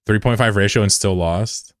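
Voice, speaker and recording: A man streaming live, chatting bluntly and profanely with viewers, swinging between loud outbursts and low mutters. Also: moderate pace, clear, resonant tone, no room sound, clean studio sound. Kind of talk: casual live-stream chat.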